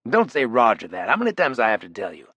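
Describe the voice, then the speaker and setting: A man voicing a brash, profane, big ex-criminal in an audiobook, loud and needling, his pitch jumping up. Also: huge pitch swings, fast talker, slightly rough, no room sound, lo-fi sound, heavily acted. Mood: incredulous. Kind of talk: audiobook character voice.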